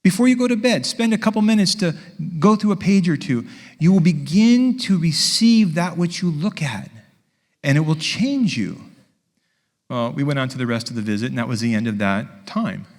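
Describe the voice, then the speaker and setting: A man preaching a sermon, telling a story with lively dialogue and acting out both sides. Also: fairly high pitch, moderate pace, in a large hall. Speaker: pastor.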